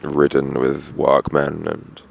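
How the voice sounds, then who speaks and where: A man's voice: very deep voice, flat delivery, slow pace, gravelly. A tired, dehydrated man rambling outdoors at a roadside camp, full of fillers and swearing. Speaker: vlogger on a long walk. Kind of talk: rambling casual monologue.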